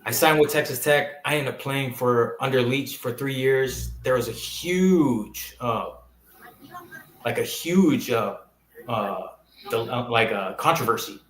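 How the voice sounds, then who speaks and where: A man in his thirties, originally from Hawaii, who talks as a football coach guesting on a podcast. He tells his stories with energy, sliding into the voices of the people he quotes, at a middle pitch. The sound carries a roomy echo. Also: slow pace. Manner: animated storyteller who acts out quoted people. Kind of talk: storytelling in a casual interview.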